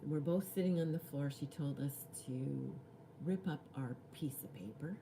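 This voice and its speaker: A woman coach telling a personal story in an animated way, often dropping into hushed, whispery asides. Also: very deep voice, moderate pace, background noise. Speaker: spiritual coach.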